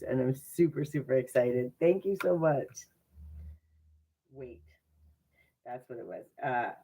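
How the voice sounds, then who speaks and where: Horoscope reader hosting a casual live stream, chatty, earnest, a bit sarcastic, mid pitch, dull lo-fi sound. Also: darkish tone.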